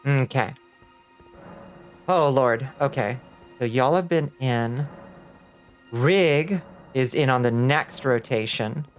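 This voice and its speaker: A man's voice: medium pitch, takes it slowly, long pauses. A man streaming a game live, chatting casually with viewers, greeting them and laughing often, with a light lilt. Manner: playful, greets chat warmly, laughs often. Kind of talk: casual live-stream chat while gaming. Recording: faint music behind.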